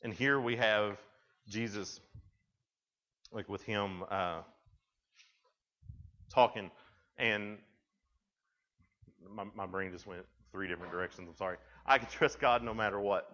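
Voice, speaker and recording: A young man speaking to junior high students, telling stories in a conversational way with frequent restarts. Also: measured pace, long pauses, bright, forceful tone, big-room sound. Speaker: youth speaker. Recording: dull lo-fi sound.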